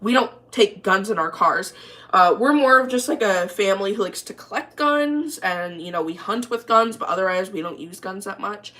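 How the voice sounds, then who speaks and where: A woman's voice: mid-range voice, lively intonation, normal speed, bright, forceful tone. A young woman telling a story in a casual, rambling way, full of "like" and restarts, while cooking in her kitchen. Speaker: vlogger.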